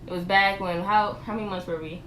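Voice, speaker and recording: A woman's voice: mid-range voice, fairly even intonation, a little fast, noisy background. A young woman, a vlog co-host, rambling casually through a storytime with lots of restarts. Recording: roomy echo.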